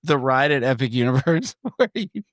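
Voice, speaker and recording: A man's voice: medium pitch, animated, moderate pace, a bit bright, no echo, studio quality. A man co-hosting a podcast, recapping film scenes in casual chat with frequent laughter. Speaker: podcast co-host.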